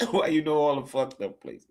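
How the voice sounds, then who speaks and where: A man's voice: a little high, very animated, moderate pace, darkish tone. A man with a New Jersey accent hosting a casual football watch-along stream, talking in a loose, profane way, repeating himself and laughing often, sounding tired. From Newark, New Jersey, USA. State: tired, yawning. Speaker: live stream host.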